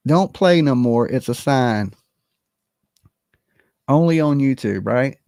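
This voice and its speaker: A livestream host giving animated, blunt and profane commentary, talking straight to the chat and opening call-in lines. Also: mid-range voice, takes it slowly, no room sound, studio quality. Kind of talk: live-stream commentary with call-ins.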